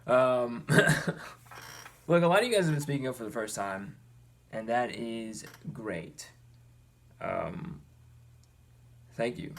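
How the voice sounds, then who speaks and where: A young man earnestly talking to his viewers, animated and exasperated, with his pitch climbing when he gets worked up. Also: takes it slowly, creaky, pauses often. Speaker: vlogger. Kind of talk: personal commentary to camera.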